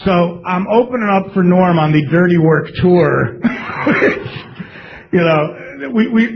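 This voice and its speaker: A man telling stories on a comedy club stage, loud and profane, laughing through his punchlines and dropping his voice low to mimic others. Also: highs cut off. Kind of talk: live stand-up storytelling.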